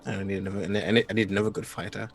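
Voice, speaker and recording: Low-voiced man playing a tabletop game. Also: little pitch movement, very fast. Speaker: player. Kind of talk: casual chat.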